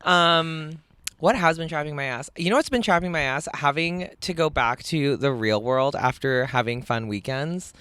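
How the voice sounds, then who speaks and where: A woman's voice: deep voice, expressive, moderate pace, fairly bright tone, clear, resonant tone, no echo. A woman and comedian co-hosting a podcast in casual chat, laughing often and poking fun at herself. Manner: chatty, laughs often, self-mocking.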